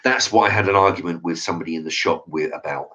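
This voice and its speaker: A man's voice: low voice, fast talker, pushed and bright. A man ranting about a shop argument, swearing and acting out both sides of the exchange. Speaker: channel host. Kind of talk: ranting monologue. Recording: dull lo-fi sound.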